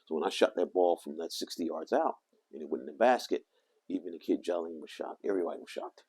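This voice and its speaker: A man vlogging, telling a rambling personal story in an animated way, swinging from loud to hushed. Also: low-pitched, fast, breathy edge.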